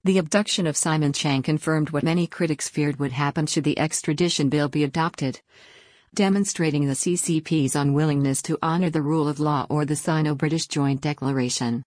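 Low-voiced woman reading the news. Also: fairly quick, dry recording, studio quality. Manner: even, formal read-out delivery. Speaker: narrator. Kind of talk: scripted news narration.

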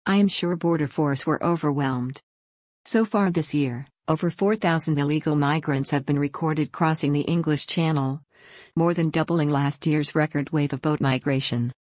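A woman reading out a written news article in an even, measured delivery. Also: deep voice, no room sound, studio quality. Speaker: news reader.

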